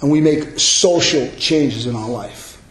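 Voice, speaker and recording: A male pastor preaching a sermon, emphatic and building to loud exclamations. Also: medium pitch, measured pace, reverberant, low-quality recording.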